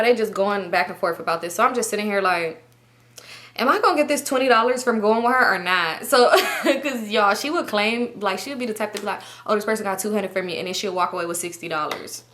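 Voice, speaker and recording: A woman's voice: mid-range voice, fairly quick, fairly bright tone. A young woman vlogger telling a rambling, slangy, profane story in a casual way and acting out what everyone said.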